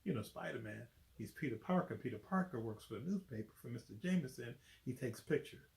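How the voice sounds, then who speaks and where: A man's voice: medium pitch, lively intonation, a little fast, creaky, darkish tone, echoey room. A man reading a children's picture book aloud, chatty, stopping to explain the pictures and asking "right?" often. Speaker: volunteer reader.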